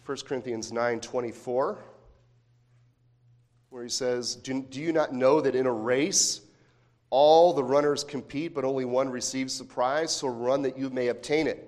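Conversational pastor preaching with rhetorical questions. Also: male voice, medium pitch, steady tone, measured pace, a little mellow. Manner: repeats words when restarting phrases. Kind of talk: sermon.

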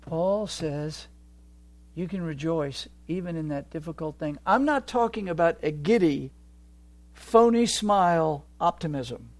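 A man preaching a sermon, moving from quiet reflection to loud, fervent exhortation. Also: a little high, a little slow, dry recording.

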